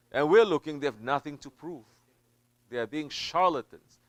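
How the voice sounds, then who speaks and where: A man, a Sufi teacher, preaching a sermon in an emphatic way. He drops to low murmurs, then builds to loud, stressed peaks, and he repeats phrases for weight. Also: expressive, moderate pace, long pauses, dry recording. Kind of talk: sermon answering a question.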